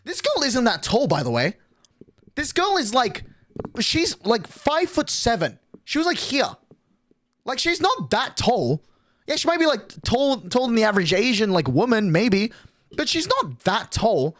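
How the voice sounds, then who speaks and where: A man's voice: very high voice, wildly swooping pitch, moderate pace, fairly bright tone, slight background noise. A young man streamer telling a story in a casual, exasperated rant, swearing and restarting often. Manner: exasperated, profane, rambling with many restarts.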